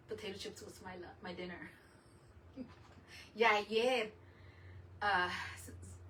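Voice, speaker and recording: A woman's voice: medium pitch, pushed and bright, far from the mic, a little hiss or hum, rough recording. A woman hosting a crafting channel, chatting casually and rambling as she works, often laughing. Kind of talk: casual live chat while crafting.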